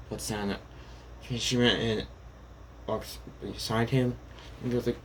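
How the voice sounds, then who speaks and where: A man casually retelling a fan story out loud, rambling with many fillers and self-corrections. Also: mid-range voice, steady tone, a little slow, a little hiss or hum, rough recording.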